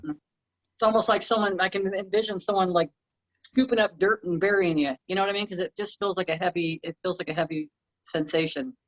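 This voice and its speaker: A woman with a lowish voice co-hosts a relaxed spiritual chat, thoughtfully sharing personal stories. Her recording sounds dull and dry, with no room around it. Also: fairly quick, dry recording. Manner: reflective, relating personal experiences. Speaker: co-host.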